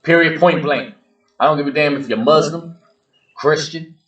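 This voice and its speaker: A man with a fairly high, slightly bright voice hosts his own show, firing a blunt, emphatic, preachy rant at his listeners and pounding his points home by repeating them. He keeps a moderate pace, and the highs in the audio are cut off.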